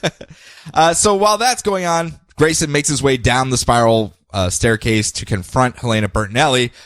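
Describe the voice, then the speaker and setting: A man co-hosting a casual comic book podcast, recapping with jokes and quick put-on voices. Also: medium pitch, no room sound. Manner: animated, jokey, puts on voices while recapping. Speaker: podcast co-host.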